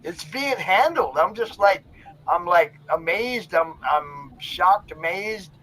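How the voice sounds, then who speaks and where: High, bright-voiced male host, enthusiastic and chatty. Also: expressive, slow, a little hiss or hum, rough recording. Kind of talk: livestream chat.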